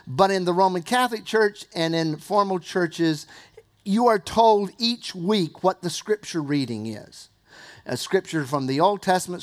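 Guy from south carolina teaching a bible class, voice a bit on the high side, rambly with uh's and little jokes. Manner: conversational, anecdotal, frequent uh fillers; jokey asides to the audience. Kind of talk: lecture on church history.

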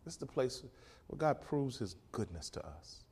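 A man preaching a rousing sermon, swinging from loud peaks to hushed passages and quoting scripture in old King James wording. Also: mid-range voice, sing-song, normal speed, slightly rough.

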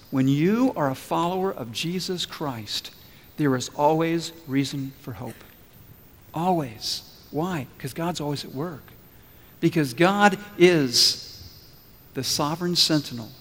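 A man preaching a sermon as pastor, asking the congregation questions and telling a story. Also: fairly high pitch. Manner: asks the congregation questions and lets them answer. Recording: long reverb from a large room.

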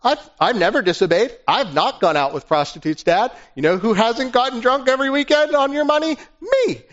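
A man's voice: very high-pitched, animated, brisk, fairly bright tone, pitched above the performer's own voice. A man voicing a resentful, self-righteous older brother complaining to his father. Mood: indignant. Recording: dull lo-fi recording.

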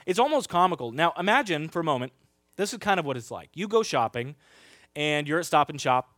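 A man preaching a sermon as a pastor, telling stories in a lively way and acting out scenes. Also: a little high, fairly quick, dry recording, clean studio sound. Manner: animated storytelling, acts out scenes.

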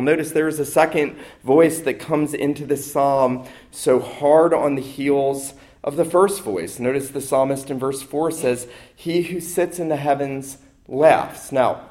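A male preacher delivering a sermon in a mid-range voice. He swells in force on key phrases and slows to a deliberate crawl when quoting scripture. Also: medium pitch, darkish tone. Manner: emphatic, rising on key phrases, slowing to stress quotes.

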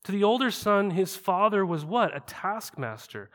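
A man's voice: high-pitched, big pitch swings, normal speed, a bit bright, big-room sound. A man preaching a sermon in a conversational way, often asking his listeners rhetorical questions. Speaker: pastor.

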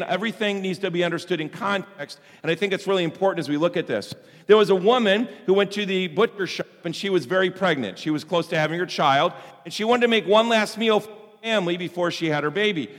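A man preaches a sermon in a loose, conversational way, using fillers and restarts. His voice sits high for a man. A long reverb fills the church hall around him. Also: fast talker, fairly bright tone. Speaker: pastor.

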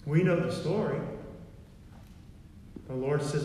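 A man's voice: a little high, fairly even intonation, moderate pace, a little mellow, slight background noise. A man preaching a sermon in a repetitive, emphatic way, recorded in a church. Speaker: pastor. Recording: echoey hall from far off.

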